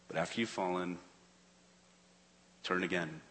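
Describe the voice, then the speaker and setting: A lower-voiced man preaches to his congregation, earnest and searching. He builds to urgent emphasis, then drops almost to a hush. His voice rings with the long reverb of a large church hall. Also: a little slow. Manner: earnest, rises and falls between urgent and hushed. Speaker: pastor. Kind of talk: sermon. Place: church sanctuary.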